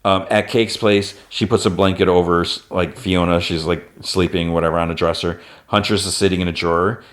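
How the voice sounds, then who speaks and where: A very low-pitched man talks through a cartoon episode on his podcast, scene by scene, in a loose, chatty way. He leans on "like" constantly and lifts into a higher, playful tone for quoted lines. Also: steady tone, brisk. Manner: retells plot with constant "like" fillers. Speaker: podcast host. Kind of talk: casual episode recap.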